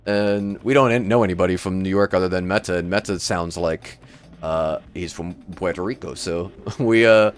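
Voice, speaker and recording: Speaking at a moderate pace in a low, resonant, clear voice, this livestream host from Michigan chats loosely with his viewers. He has a Midwestern American accent, tends to ramble, and laughs frequently.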